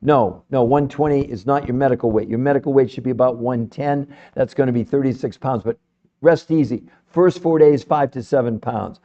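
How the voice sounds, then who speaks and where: A middle-aged man hosting a live health stream, swinging between calm number-reading and loud, swearing pitches to his viewers. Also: moderate pace, muffled recording.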